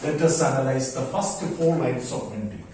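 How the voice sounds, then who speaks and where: A man teaching a poetry lesson on meter, sounding out syllables slowly and deliberately. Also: medium pitch, animated, dark tone. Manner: slow, deliberate, drawn-out syllables. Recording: echoey room, voice from far off.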